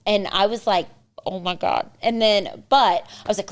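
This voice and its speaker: A young adult woman co-hosting a casual chat, telling animated stories with quoted dialogue and laughter. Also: on the low side, moderate pace. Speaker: co-host.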